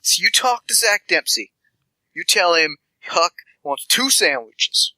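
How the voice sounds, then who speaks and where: A man's voice: medium pitch, moderate pace, sharp tone, no room sound, rough recording. A man playing a rambling spindly street informant. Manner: rambling, stammering, affectionate.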